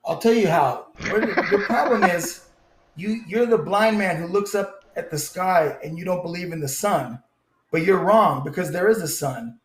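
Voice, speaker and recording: A man's voice: high voice, measured pace, echoey room, a little hiss or hum. A man debating who taunts and boasts, laughs at his opponent, and insists that he is winning. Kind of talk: heated online debate.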